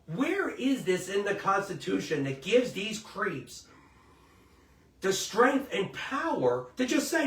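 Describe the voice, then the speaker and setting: A man's voice: high-pitched, sing-song, slow pace, fairly bright tone. A middle-aged man hosting a commentary show, telling stories in a casual, emphatic, rambling way and often asking listeners to agree. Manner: emphatic, rambling storyteller who seeks agreement. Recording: roomy, distant mic with faint music.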